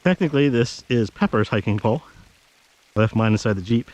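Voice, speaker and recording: A man's voice: mid-range voice, lively intonation, a little fast, a little mellow, no room sound, poor audio. Chatty man narrating a snowy hike. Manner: chatty, gives his dog firm commands. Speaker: hiking vlogger. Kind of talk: casual narration while hiking. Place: snowy wooded trail outdoors. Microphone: action camera.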